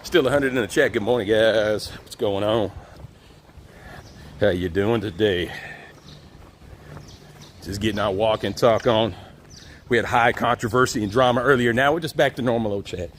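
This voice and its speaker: A man's voice: on the low side, normal speed, pauses often. Easygoing male streamer, talks to chat while walking outside, laughs a lot, light street noise. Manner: relaxed, chatty, laughs often, reads chat aloud. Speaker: live-stream host. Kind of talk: casual walk-and-talk live stream. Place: outdoors on city streets, walking.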